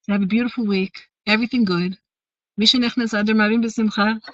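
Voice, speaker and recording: A woman teaching a weekly class, telling a story at a middling pitch with many searching fillers and restarts. The sound is dull and lo-fi, with a dry, close feel and no room echo. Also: steady tone, fairly quick. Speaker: teacher of a women's course. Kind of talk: teaching, retelling a Hasidic story.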